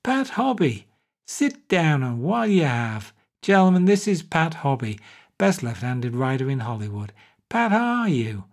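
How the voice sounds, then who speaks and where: A man's voice: a little high, sing-song, unhurried. A man reading aloud and voicing a drunk, boastful middle-aged male playwright with slurred speech. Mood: expansive.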